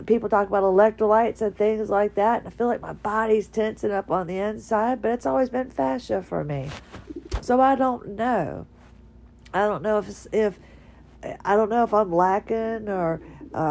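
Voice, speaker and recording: A tired woman talks from her bedroom in a rambling, halting monologue full of restarts. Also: mid-range voice, gravelly, darkish tone, a little hiss or hum. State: tired, drowsy. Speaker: podcaster. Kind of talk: casual personal monologue.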